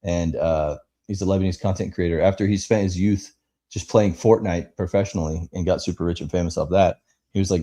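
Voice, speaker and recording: A man with a low, mellow voice co-hosts a live podcast in casual chat. He rambles through long stories, full of fillers and bursts of animation. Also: steady tone, a little fast. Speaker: podcast co-host.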